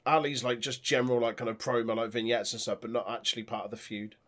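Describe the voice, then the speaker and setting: A man with a mid-pitched voice co-hosts a casual podcast. He is relaxed and agreeable, and mostly chimes in with short, easygoing replies. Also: quick pace, slight background noise. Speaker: podcast co-host. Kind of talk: casual chat.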